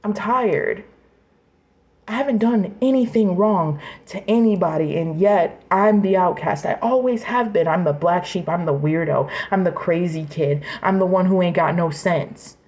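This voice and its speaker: A woman's voice: fairly low pitch, measured pace, darkish tone, dull audio. A woman in her twenties venting in an emotional personal rant, angry, raw and profane, sometimes dropping to a whisper. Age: 20s. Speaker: vlogger.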